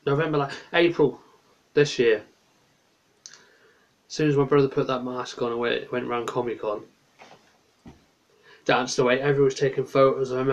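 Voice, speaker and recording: A man's voice: medium pitch, dull audio. A tired man rambles through a late-night livestream from his small bedroom. He drifts from topic to topic and stops to answer his chat.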